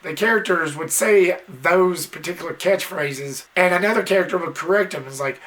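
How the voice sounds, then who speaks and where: Movie reviewer, casual spoken review, exasperated, blunt, mild swearing, sudden high-pitched impressions. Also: normal speed, hardly any pauses, fairly bright tone. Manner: mimics characters in sudden high squeals.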